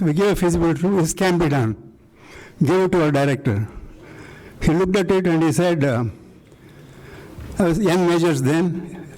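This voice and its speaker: In a lecture hall, an older Indian man invited to speak about his career tells an emphatic anecdote to a live audience, acting out the dialogue. His voice is fairly high with a darkish tone, and the recording quality is low.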